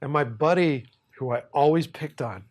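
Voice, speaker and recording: Fairly high-voiced man from Boston. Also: normal speed, a little mellow. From Boston, USA. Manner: rambling, swears freely, laughs through his stories. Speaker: podcast host. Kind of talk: casual podcast storytelling.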